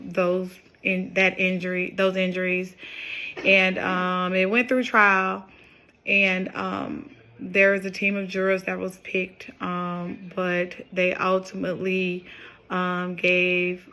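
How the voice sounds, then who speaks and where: A woman's voice: mid-range voice, pushed and bright. A young woman giving a class presentation, hesitant with many fillers. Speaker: student presenter.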